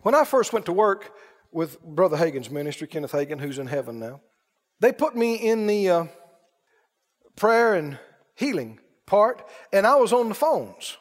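High-voiced preacher guy, lively storytelling sermon, long hall echo. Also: normal speed. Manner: animated storytelling, laughing at his own stories.

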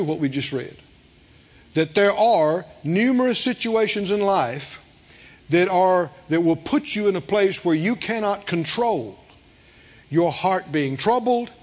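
Male pastor, slow, high and swooping voice, emphatic sermon, dull recording with long hall echo. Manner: emphatic, rhetorical questions, calls on the congregation. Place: church hall with a congregation.

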